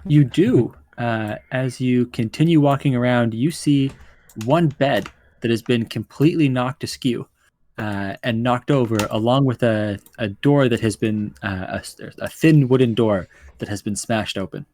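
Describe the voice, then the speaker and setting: A man running a tabletop game as game master, describing scenes in an unhurried way with many fillers. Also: medium pitch, a little mellow.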